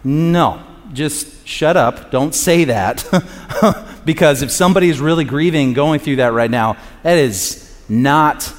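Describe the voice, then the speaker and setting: A man's voice: on the high side, slow, in a large hall. A man preaching a sermon in a casual, joking way, acting out quotes. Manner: conversational and joking, acts out quotes. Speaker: pastor.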